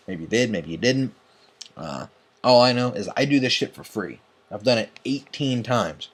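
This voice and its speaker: Young man, low voice, tired, agitated, profane rant, yawning. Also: expressive, normal speed, breathy edge. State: tired, late at night. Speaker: online tournament host. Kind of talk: ranting vlog.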